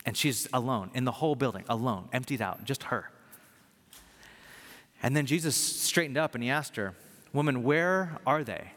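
A man's voice: mid-range voice, expressive, normal speed, long pauses, fairly bright tone. A man preaching a sermon in an earnest way, building to emphatic points. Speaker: pastor. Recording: long reverb of a large hall.

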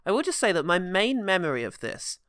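A man's voice: sits high, sing-song, fairly quick, fairly bright tone, clean tone, dry recording, studio quality. A young man co-hosting a casual film-review podcast, sarcastic and sweary, laughing often. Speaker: podcast co-host.

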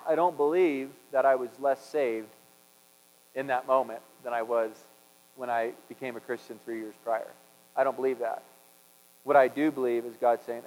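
A man preaching a conversational sermon, swinging from loud emphasis to hushed tones. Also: mid-range voice, moderate pace, long reverb tail, poor audio. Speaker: pastor.

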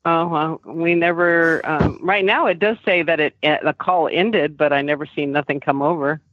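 A woman's voice: sits low, normal speed, no room sound. Homey mother on a muffled phone line. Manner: laughs often, homey. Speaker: host's mother, phone caller. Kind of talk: casual phone chat.

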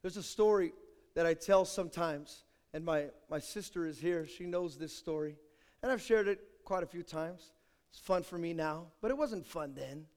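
A male pastor preaching a sermon with dramatic storytelling, swinging between loud and soft. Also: fairly high pitch, normal speed. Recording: echoey hall.

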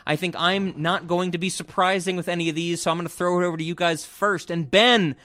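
A man hosting a casual movie podcast, animated and joking, laughing often and swearing freely. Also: high voice, fairly quick, no echo. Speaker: podcast host.

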